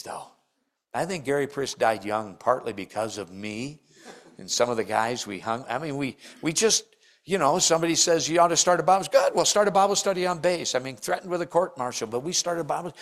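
An older male preacher delivers a sermon in church. His voice sits a little high and swings widely as he acts out the characters in his stories. He shifts easily between storytelling and scripture. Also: moderate pace. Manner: animated storytelling, acts out quotes with big pitch jumps.

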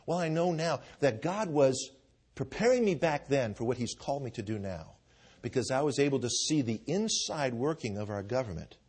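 A man's voice: mid-range voice, lively intonation, normal speed, darkish tone, slightly rough. A middle-aged man preaching a sermon, telling stories and often asking the congregation for an "amen". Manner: storytelling with asides of "amen".

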